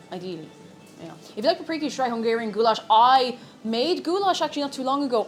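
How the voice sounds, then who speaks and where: Woman streamer, chatty and playful, cooking live, music and sizzling pan behind. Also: on the high side. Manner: chatty, playful, repeats words for fun. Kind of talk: casual chat while cooking on a live stream. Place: home kitchen. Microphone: desk microphone. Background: background music and frying sizzle.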